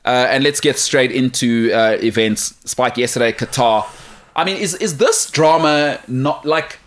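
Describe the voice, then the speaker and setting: A sports talk show host joking around in a put-on Irish accent, rambling and playful. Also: male voice, mid-range voice, measured pace, fairly bright tone. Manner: rambling, playful, self-interrupting. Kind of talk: casual sports banter.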